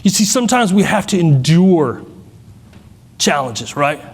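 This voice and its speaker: A man's voice: a little high, very animated, a little slow, creaky, husky, big-room sound. A middle-aged man giving a keynote, telling personal family stories in a candid, self-deprecating way with many restarts. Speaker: keynote speaker.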